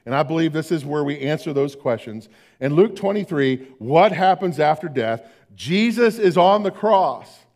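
An older man preaching a sermon as pastor, swinging between emphatic declarations and hushed, slow tender passages. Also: on the high side, expressive.

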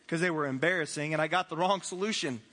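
A man's voice: fairly high pitch, sharp tone, a little hiss or hum. A man preaching a conversational sermon as pastor, acting out little dialogues and chuckling as he goes. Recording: reverberant hall.

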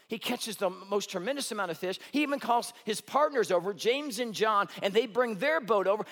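A middle-aged pastor preaches a sermon, telling the story with humor and swinging between loud, animated stretches and hushed ones. His voice is high, with a long reverb tail.

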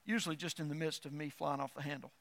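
A middle-aged man, a pastor, preaching a sermon, animated and emphatic, repeating words as he builds his point. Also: a little high, fast, creaky. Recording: long hall reverb.

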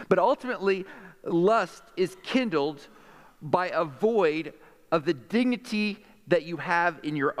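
A man preaching a sermon in a fairly high voice, animated and quick to joke with the congregation. His voice rings with the long reverb of a church hall. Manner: animated, jokey preaching with quick asides to the crowd. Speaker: pastor.

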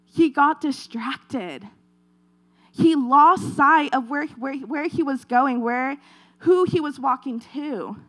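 A woman's voice: high voice, slow pace, a bit bright. A woman giving an earnest devotional talk, retelling a scripture story in a conversational preaching style and repeating her points.

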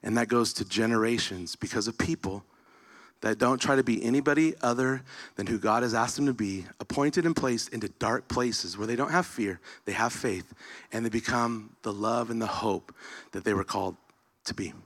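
A man's voice: lowish voice, moderate pace. A man preaching at a missions event, telling a personal story with acted-out dialogue before turning to encouragement. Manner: animated storytelling, acting out dialogue. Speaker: speaker. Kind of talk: storytelling sermon.

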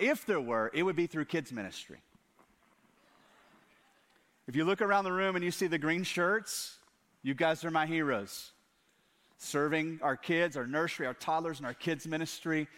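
Lively preaching man, high-pitched. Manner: lively preaching with rhetorical questions and asides. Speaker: pastor. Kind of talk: sermon. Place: church hall.

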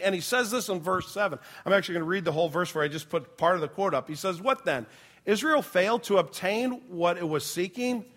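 A middle-aged man preaching a sermon as a pastor, telling stories earnestly and dropping to a hush for grave points, with frequent restarts. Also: high-pitched.

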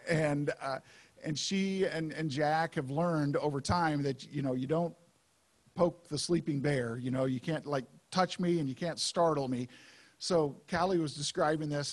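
A man preaching a sermon as pastor, in a conversational, unhurried way with frequent fillers. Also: on the high side.

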